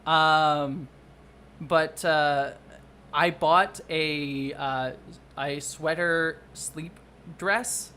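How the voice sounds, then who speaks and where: A livestreamer and video producer chatting casually at home, rambling, excitable and often apologetic. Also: medium pitch, very slow, a little hiss or hum. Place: at home under a blanket.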